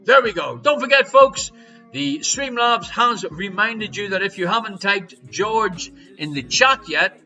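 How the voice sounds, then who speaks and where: Man, quiz host, high voice, bright tone, jokey showman patter, loud sudden calls, faint music behind. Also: animated, unhurried, highs cut off. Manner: jokey, showy quizmaster patter with big swings in loudness. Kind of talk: live-streamed pub quiz hosting. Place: home streaming setup.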